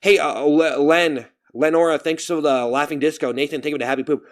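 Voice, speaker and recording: A man's voice: a little high, steady tone, a little fast. A young man streaming live, talking in a dejected, rambling way and repeating himself as he thanks viewers for gifts. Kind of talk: casual livestream chat.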